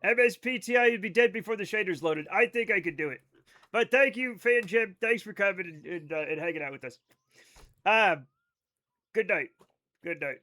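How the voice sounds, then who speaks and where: A man's voice: sits high, lively intonation, a little fast, pushed and bright. A man livestreaming a game, chatting casually with his viewers in a rambling, self-interrupting way, swearing now and then. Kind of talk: casual live-stream commentary to chat.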